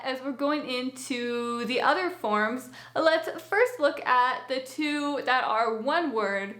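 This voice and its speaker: A woman's voice: sits high, fairly bright tone, echoey room. A woman giving a language lesson, explaining step by step in a patient, reassuring way. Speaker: language teacher.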